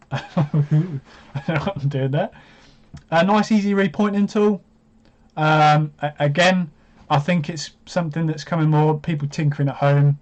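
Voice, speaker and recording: Male streamer, slightly high voice, rambling commentary with excited outbursts, dull lo-fi audio. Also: unhurried. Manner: chatty, hesitant, bursts into excited reactions. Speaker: live stream host. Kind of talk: live watch-along commentary.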